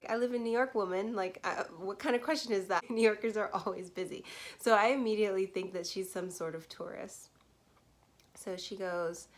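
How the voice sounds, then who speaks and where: A woman's voice: medium pitch, moderate pace. A woman in her twenties chatting casually on camera as she tells a true story, with frequent laughs and lots of fillers. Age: 20s. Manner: chatty, laughs often, many "like"s. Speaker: vlogger.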